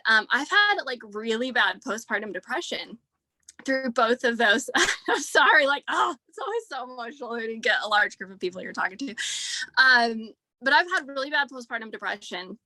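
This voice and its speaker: A woman in her thirties, earnest and emotional, talks in a loose, rambling way with lots of "like" and "um." Her voice is fairly high and sharply bright. The sound is close and dry, as on a video call. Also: no echo. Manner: rambling, heavy use of "like" and "um". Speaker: speaker at a team leadership training. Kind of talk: casual heartfelt talk.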